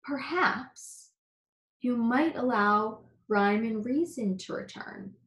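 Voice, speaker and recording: A woman's voice: sits high, expressive, moderate pace, voice pushed up. A woman voicing a polite, puzzled young boy in a storybook reading. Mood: earnest. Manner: polite and earnest. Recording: echoey room.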